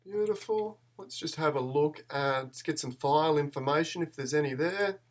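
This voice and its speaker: A man's voice: fairly high pitch, moderate pace. A man, chatting in a rambling, self-deprecating way as he hosts a live photo-editing tutorial stream.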